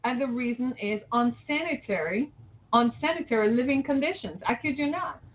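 There's slight background noise as a middle-aged woman hosting an opinion talk show from Metro Detroit, Michigan, makes her case in an impassioned, question-heavy monologue. She speaks a little high, with lively intonation at a moderate pace, and the audio is tinny like a phone.

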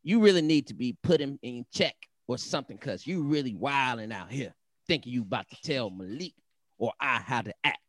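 A man's voice: lively intonation, fairly quick, no room sound, studio quality, close to an everyday voice. A man putting on the voice of a sassy, angry woman while reading a social media post aloud. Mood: sassy, scolding. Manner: mocking sassy falsetto-ish read.

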